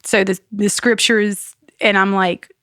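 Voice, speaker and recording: Woman, podcast guest, earnest animated testimony, mid pitch, dry close sound. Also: takes it slowly, no room sound. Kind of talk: personal faith testimony.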